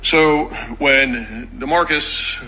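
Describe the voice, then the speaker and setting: A bright, forceful male voice delivers a formal press briefing at a podium microphone. He is matter-of-fact and methodical, slipping in dry, sarcastic asides. His pitch sits in the middle range for a man. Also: drawn-out words, soft background music, rough recording. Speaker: law enforcement spokesman at a press briefing.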